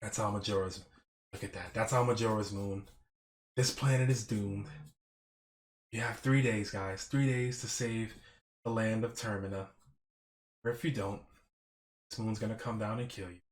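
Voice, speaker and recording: A man streaming as he paints, in a quiet, gentle painting-show parody with deadpan dark jokes. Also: lowish voice, normal speed, long pauses. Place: home streaming setup.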